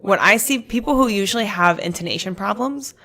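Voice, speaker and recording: A woman co-hosting a podcast in casual chat, with vocal fry, explaining things like a teacher. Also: medium pitch, expressive, a little fast, bright, forceful tone. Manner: chatty, explains language points like a teacher. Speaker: podcast co-host.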